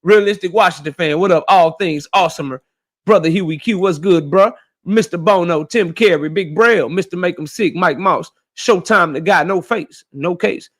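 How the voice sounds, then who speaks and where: Slangy high-voiced man greeting viewers. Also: normal speed. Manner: laid-back, slangy, greets viewers one by one. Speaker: livestream host. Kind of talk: casual live-stream shout-outs.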